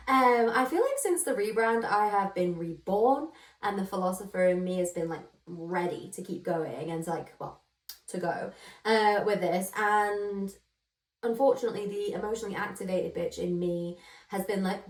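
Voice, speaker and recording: A woman's voice: medium pitch, normal speed, far from the mic. A woman hosting a casual solo podcast, chatty and self-deprecating, giggling and rambling through asides. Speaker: podcast host. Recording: roomy echo, voice a bit off-mic.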